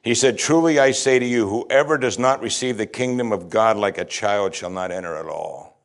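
A man's voice: fairly low pitch, moderate pace. Man preaching an emphatic sermon. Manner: reads scripture aloud, then explains it conversationally; emphatic, often rising to stress a point. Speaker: pastor.

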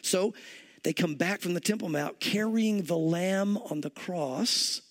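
A man with a notably high voice preaching from the pulpit. He teaches verse by verse, retelling the scene as a vivid, chatty story and leaning on "you know" as he goes. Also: unhurried. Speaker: pastor. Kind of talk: verse-by-verse sermon.

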